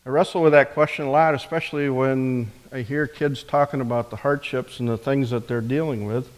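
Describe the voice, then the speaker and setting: Male preacher, mid-pitched, conversational sermon, echoing hall sound. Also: steady tone, a little fast. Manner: conversational, with rhetorical questions. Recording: reverberant hall.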